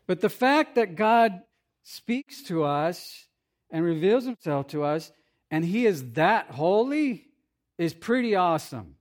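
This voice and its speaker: A male pastor delivering a sermon in a relaxed, conversational way. His voice sits a little higher than most men's, and he breaks into playful asides and little acted-out quotes as he preaches. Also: moderate pace.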